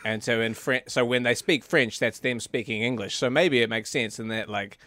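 A man in casual film chat with a dry, wry delivery that often trails down into a low mutter. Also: normal speed, bright, forceful tone, dry recording.

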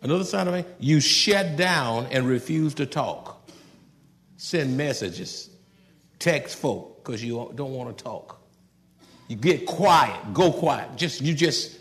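A man preaching a sermon in a folksy, conversational way, swinging from loud outbursts to soft asides and laughing at his own jokes. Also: medium pitch, lively intonation, slow, big-room sound. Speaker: pastor.

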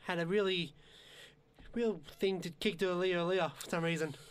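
A man's voice: high-pitched, fairly even intonation, a little slow, clear, resonant tone. A man hosting a podcast, answering briefly and agreeably in casual chat. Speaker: podcast host.

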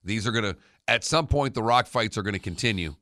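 A man co-hosting a sports radio show, giving steady, matter-of-fact analysis in casual sports talk. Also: on the low side, fairly quick, no room sound, studio quality.

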